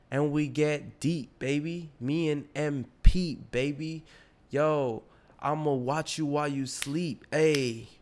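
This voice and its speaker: A young adult man hosting a podcast solo, rambling in a slangy, profane, casual way. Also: a little high. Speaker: podcast host.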